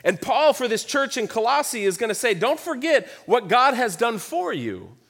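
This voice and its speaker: A man's voice: very high voice, big pitch swings, moderate pace, a bit bright. A man in his thirties preaching a sermon, telling a personal story in a conversational way with emphatic repetition. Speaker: pastor.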